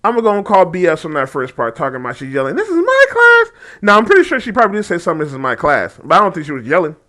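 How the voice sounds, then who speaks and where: A man's voice: on the high side, big pitch swings, rapid-fire, bright, forceful tone. A man giving casual reaction commentary on a video, mocking and laughing often, with frequent swearing.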